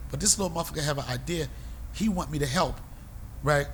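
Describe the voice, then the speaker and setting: High-voiced animated comic man storyteller. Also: fast, a little hiss or hum. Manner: animated and profane, acting out other people's voices. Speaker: podcast host. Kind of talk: comedic storytelling.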